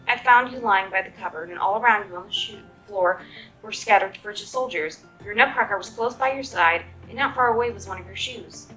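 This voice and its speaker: A woman's voice: medium pitch, brisk, bright, forceful tone, soft background music, close to an everyday voice, poor audio. A woman voicing a fretful storybook mother. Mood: worried. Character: worried, scolding mother.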